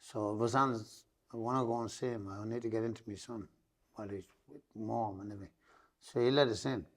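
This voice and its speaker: Gravelly Irish Traveller man telling a story. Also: on the low side, fairly even intonation, fairly quick. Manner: rambling, repeats oaths of truth. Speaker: podcast guest. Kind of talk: emotional storytelling.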